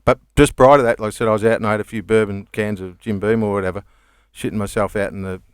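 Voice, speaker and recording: Man, Australian accent, low voice, rambling casual storyteller, dry close sound. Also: fairly even intonation, fast, clear, resonant tone, dry recording. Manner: rambling, laughs often, swears casually. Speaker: comedian guest.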